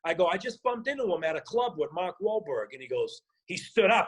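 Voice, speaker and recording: A man's voice: sits high, sing-song, brisk, a bit bright, breathy edge. A man with a Boston accent, a guest on a podcast, telling casual stories full of swearing and acted-out quotes. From South Boston. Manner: swearing, acts out quoted voices in anecdotes. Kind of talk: casual storytelling chat.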